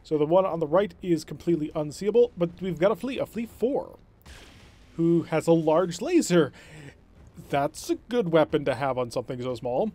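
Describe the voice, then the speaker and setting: A man's voice: fairly high pitch, animated, moderate pace, warm tone. A man commentating his own strategy game session, thinking aloud and explaining tactics. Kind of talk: let's-play commentary.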